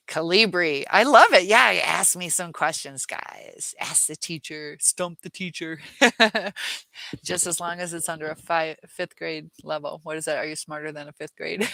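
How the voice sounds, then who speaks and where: Bright-voiced woman chatting on a livestream. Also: sits low, gravelly, no echo. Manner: rambling, many fillers, acts out quoted lines in a livelier voice. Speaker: teacher and relationship-advice creator. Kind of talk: casual livestream talk, reading viewer questions.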